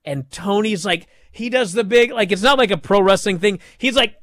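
A man hosting a casual talk show, telling a story with big swings from hushed to shouting. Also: high-pitched, normal speed, hardly any pauses, no room sound. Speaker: wrestling podcast host.

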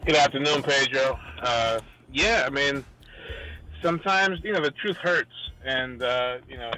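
A man calling in as a boxing analyst, speaking in a measured, hesitant way with many fillers. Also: medium pitch, sharp tone, slight background noise. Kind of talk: call-in interview on a talk show. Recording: tinny phone line.

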